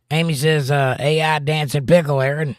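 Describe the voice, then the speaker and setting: A man's voice: on the high side, smooth, no room sound, clean studio sound. A man hosting a casual livestream, greeting viewers by name and reading their chat messages aloud, with playful rhyming jokes.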